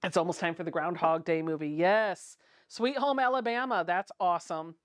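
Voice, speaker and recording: A woman's voice: lowish voice, moderate pace, dry recording. A woman in her thirties hosting a chatty livestream from her home sewing room, giggling often and reading viewer comments aloud. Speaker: livestream host.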